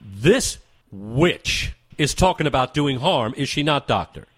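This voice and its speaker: A man's voice: mid-range voice, expressive, a little slow, fairly bright tone, husky, no echo. A man hosting a talk radio show, delivering opinionated commentary with emphatic, rhetorical repetition.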